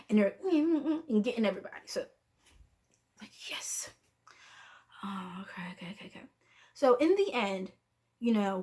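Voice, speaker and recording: A woman chatting casually through a film review. She acts out the characters' lines and sometimes drops into soft, near-whispered asides. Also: on the high side.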